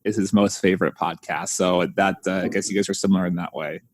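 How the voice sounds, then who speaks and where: A man hosting a casual podcast chat, telling stories with animated jumps in his voice. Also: quick pace, no room sound. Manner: animated storyteller, mimics voices with big pitch jumps. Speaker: podcast host.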